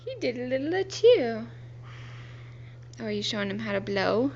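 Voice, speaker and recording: A young woman filming at home indoors, gently coaxing a toddler and laughing often. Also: fairly high pitch, very animated, normal speed, highs cut off, very noisy. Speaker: parent filming her child. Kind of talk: casual home video.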